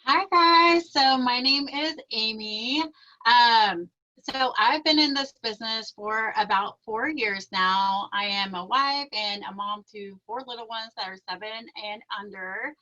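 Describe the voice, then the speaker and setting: A woman's voice: on the high side, measured pace, bright, forceful tone. A young woman giving an emotional personal testimony, nervous and shaky, with many fillers and restarts. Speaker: presenter sharing her business story. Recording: dull lo-fi audio.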